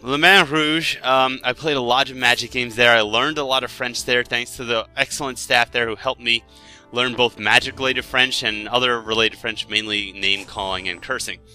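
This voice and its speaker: A young man, a gaming video host, casually telling a rambling, self-deprecating story over his gameplay commentary, getting animated when excited. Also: medium pitch, normal speed, smooth. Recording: dry close mic with faint game music.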